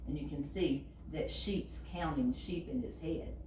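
A woman librarian reading a picture book aloud to children, animated and asking them questions. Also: sits low, unhurried, a little hiss or hum. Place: library room. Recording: roomy and distant from the mic.

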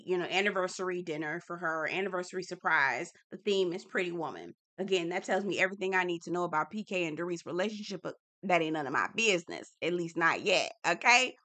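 A woman's voice: fairly low pitch, fast, few pauses, sharp tone. A woman hosting a casual TV recap vlog, sassy and slangy, talking straight to her viewers. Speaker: TV recap host.

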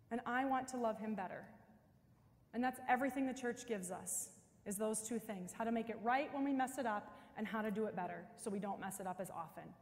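A middle-aged woman giving a parish mission talk in a chatty, storytelling way with frequent casual fillers. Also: a little high. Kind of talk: conversational church talk. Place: church. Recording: long reverb of a large church.

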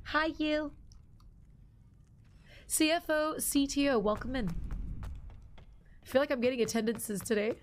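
A woman's voice: high-pitched, a little hiss or hum. A young woman streaming a game live, chatting casually with viewers and greeting them by name while her voice is partly lost and slightly strained.

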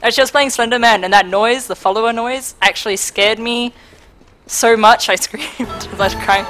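A woman's voice: a little high, normal speed, fairly bright tone, soft background music, rough recording. A young Australian woman live-streaming, laughing a lot, overwhelmed and swearing freely while she chats. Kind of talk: casual live-stream chat.

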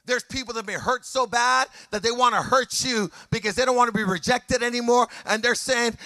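Male pastor, sermon delivery, very high bright voice, dry close sound, acts out other people's lines. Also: brisk, hardly any pauses, dry recording. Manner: animated preaching, swinging from quiet asides to shouted passages; acts out voices of people and scenes in his preaching.

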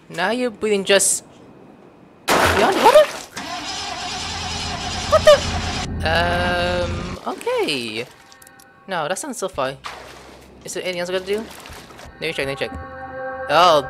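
Lively, excitable man narrating gameplay. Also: high voice. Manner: excitable, thinking aloud, sudden surprised outbursts. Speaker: gameplay commentator. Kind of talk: casual let's-play commentary.

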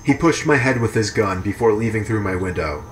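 Low-voiced man narrating horror stories. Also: a little hiss or hum. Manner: even, measured storytelling. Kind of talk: scripted narration.

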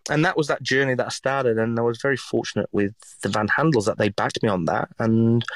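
A middle-aged man from England with a Yorkshire accent, a chef chatting as an interview guest, telling animated stories and swearing freely. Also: mid-range voice, no echo. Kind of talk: casual interview chat.

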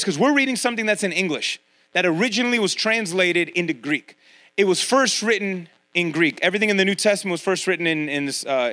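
Animated high-voiced male pastor preaching. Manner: conversational preaching, addresses congregation directly; animated, acts out quoted voices. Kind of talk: sermon.

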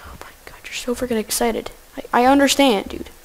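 Woman, gameplay commentator; goofy, excitable casual delivery with a raised pitch and gravelly edges. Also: a little fast, slight background noise. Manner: goofy, excitable, talks to game animals.

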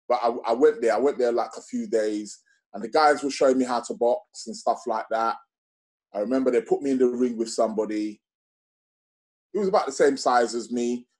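A man's voice: mid-range voice, darkish tone. A man, a guest telling a casual story, rambling with many fillers and restarts.

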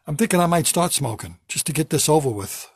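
A man's voice: on the high side, expressive, a little fast, breathy edge, no room sound, clean studio sound. An older man, a comedian, delivering a kvetching, self-mocking comedy rant from his basement at home. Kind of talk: stand-up comedy monologue.

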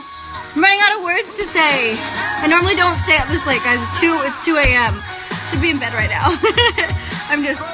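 Bubbly high-voiced young woman livestreaming. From San Antonio, Texas. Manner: bubbly and gushing, laughs often. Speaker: singer talking to fans on a phone livestream. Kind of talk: casual livestream chat. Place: her room at night. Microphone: phone. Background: music playing in the background.

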